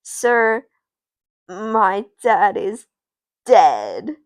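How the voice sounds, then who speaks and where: A woman's voice: medium pitch, unhurried, gravelly, a little mellow, dry recording. A woman voicing a defiant, grieving schoolgirl who speaks curtly and dramatically. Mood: dramatic.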